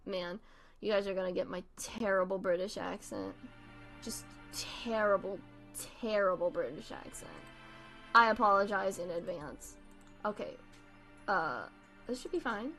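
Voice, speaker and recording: A woman's voice: medium pitch, unhurried, fairly bright tone, soft background music. A young woman streaming and chatting casually while she draws, giggly, scattered and self-mocking. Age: young adult.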